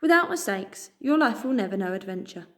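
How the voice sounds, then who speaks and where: A woman voicing a tall, battle-scarred male rat with a British accent, calm, terse and wise. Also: mid-range voice, a little fast, natural voice. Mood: grave.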